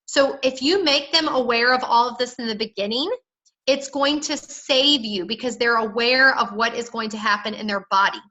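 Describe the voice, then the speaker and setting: A woman's voice: on the high side, moderate pace, bright, forceful tone, lo-fi sound. A woman coaching her sales team on a call, chatty and emphatic, often acting out what she would say to people. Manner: chatty, emphatic, acts out dialogue. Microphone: phone or call audio.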